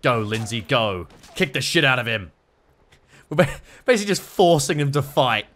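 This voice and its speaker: A young Australian man giving let's-play commentary, excitable, swearing and yelping at the action on screen. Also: mid-range voice, normal speed, slight background noise. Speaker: gaming YouTuber.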